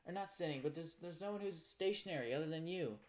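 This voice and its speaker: A man's voice: on the high side, fast talker, darkish tone. A man chatting casually on a livestream in a profane, rambling rant. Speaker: live streamer.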